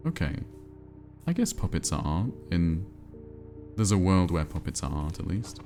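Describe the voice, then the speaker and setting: Very low, gravelly-voiced male streamer. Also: moderate pace, soft background music. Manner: relaxed, rambling, reads and answers chat. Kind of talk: casual chat while playing a cozy game.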